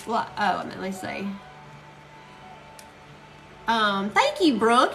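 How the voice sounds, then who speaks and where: Very slow and sing-song, a woman's creaky mid-range voice comes through a phone live stream with music in the background and rough recording quality. She crafts as she chats, rambling through stories and calling her viewers "y'all."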